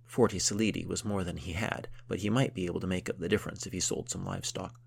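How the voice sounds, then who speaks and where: A man narrating a historical novel in a steady, measured storytelling manner. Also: sits low, gravelly, slight background noise.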